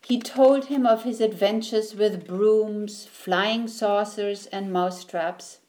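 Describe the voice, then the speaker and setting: Woman, storybook reading, gentle, expressive, slow, mellow. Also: medium pitch. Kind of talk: picture book read-aloud.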